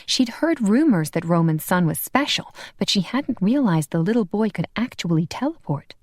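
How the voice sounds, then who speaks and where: A woman narrating a romance audiobook in an expressive, scripted style. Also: on the low side, moderate pace, hardly any pauses, dry recording, studio quality. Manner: expressive, voices every character.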